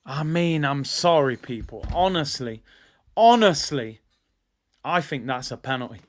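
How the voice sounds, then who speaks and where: A man's voice: fairly high pitch, lively intonation, a little slow. A young man hosting a football watch-along, talking casually and animatedly, repeating himself as he argues his point. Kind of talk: casual live match commentary.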